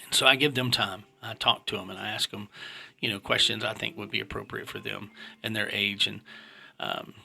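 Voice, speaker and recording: Blunt vlogger, man in his fifties, gravelly and forceful, casual monologue. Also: lowish voice, little pitch movement, brisk. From United States. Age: 50s. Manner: blunt and opinionated.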